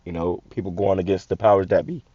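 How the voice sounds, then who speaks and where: A man's voice: sits low, fairly even intonation, fast, husky, no echo. A man, giving blunt, profane casual commentary on a video, often repeating and restarting words. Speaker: channel host. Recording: muffled lo-fi audio.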